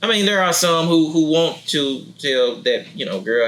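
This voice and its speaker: A man's voice: moderate pace, slight background noise. A man hosting a podcast in casual chat, talking animatedly and acting out quotes. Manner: animated, acts out quotes in a deep voice, laughs often. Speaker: podcast host.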